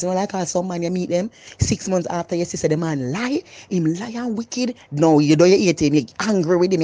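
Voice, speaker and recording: A woman with a Jamaican accent, talking loudly and animatedly in a casual, opinionated vlog monologue. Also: on the low side. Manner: animated, loud and emphatic. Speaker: vlogger.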